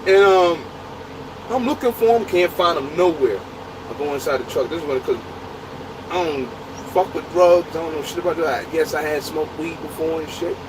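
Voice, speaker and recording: A truck driver telling a story in casual, profane, laughing talk. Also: male voice, fairly high pitch, normal speed, background noise. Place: inside a truck.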